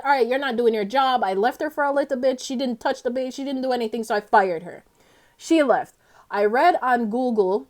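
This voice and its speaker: Young woman vlogger, slightly high voice, loose rambling gameplay chatter with frequent laughs. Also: darkish tone. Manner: chatty, rambling, often laughing and losing her thread. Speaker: gaming vlogger. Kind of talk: casual gameplay commentary.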